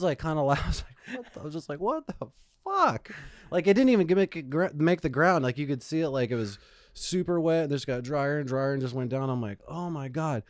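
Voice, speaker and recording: A man's voice: mid-range voice, a little mellow, dry recording, studio quality. A man hosting a podcast, telling rambling profane stories in casual chat. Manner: profane storytelling, swears a lot. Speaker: podcast host. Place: Phoenix, Arizona.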